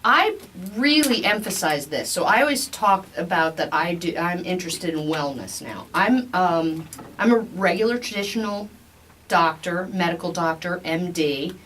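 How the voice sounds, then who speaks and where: A woman's voice: lowish voice, animated, normal speed, fairly bright tone, low-quality recording. A woman doctor chatting as a podcast guest. She talks in a loose, rambling way, full of ums and restarts. A faint noise sits under her voice. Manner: chatty, many fillers and restarts. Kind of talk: casual podcast chat.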